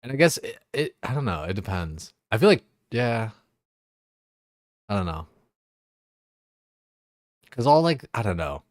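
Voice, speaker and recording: A man's voice: lowish voice, sing-song, unhurried, long pauses, no room sound, studio quality. A young man streaming a game, chatting casually in a crude, rambling way full of fillers and swearing. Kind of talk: casual chat while gaming.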